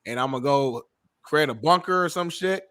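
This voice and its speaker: A man's voice: a little high, moderate pace, a bit bright, no room sound. A man co-hosting a talk show, talking in a preachy, emphatic, slangy way. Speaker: co-host. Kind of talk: casual talk-show chat.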